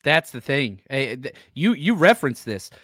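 Male podcast co-host, lively pitch, dry sound, laid-back delivery. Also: normal speed, no echo. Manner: relaxed, lively, reads stats and super chats. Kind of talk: casual sports podcast chat.

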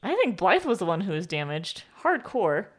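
Lowish-voiced woman rambling with "like". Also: very animated, normal speed, husky. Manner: rambling, heavy on filler "like". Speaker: podcast co-host. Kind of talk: casual book discussion.

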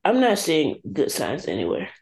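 A young woman co-hosting a casual podcast, speaking in a measured, thoughtful way. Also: low-pitched, huge pitch swings, darkish tone. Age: young adult. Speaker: podcast co-host. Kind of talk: casual chat.

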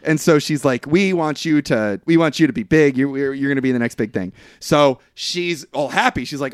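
A man recapping a movie, animated, dry mic. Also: on the high side, fairly quick, few pauses, dry recording. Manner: animated storytelling, quotes characters in put-on voices, laughs often. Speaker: podcast co-host. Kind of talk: casual movie recap chat.

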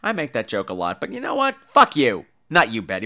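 A man's voice: mid-range voice, huge pitch swings, brisk, pushed and bright. A man hosting a podcast in a playful, cheeky, joking manner. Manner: playful and cheeky, swears for laughs. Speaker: podcast host. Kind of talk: casual chat.

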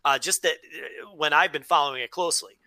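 A man co-hosting a podcast in rambling, animated casual chat, with frequent restarts and swearing. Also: on the high side, a little fast, gravelly, dry recording. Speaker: podcast co-host.

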